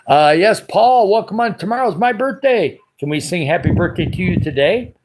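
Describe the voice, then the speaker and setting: A man hosting a casual livestream, his throat dry and raspy, rambling along and greeting viewers by name as he reads their comments. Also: high voice, lively intonation, normal speed, background noise. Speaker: livestream host.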